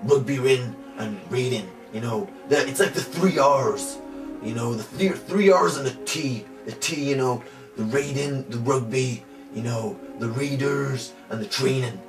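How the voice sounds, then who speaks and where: For an amateur trailer, a man lightly acts the part of a brash, bragging rugby player in an improvised comedy monologue, his mid-range voice unhurried and blustering as he rambles, cramming in "like" and "you know." He sits well back from the mic in a roomy room, with music clearly audible underneath.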